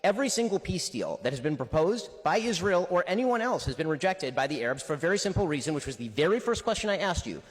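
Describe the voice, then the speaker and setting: Man debater, fast insistent rebuttal, a bit high, long hall reverb. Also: very animated. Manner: insistent, rapid-fire rebuttal. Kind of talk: heated debate.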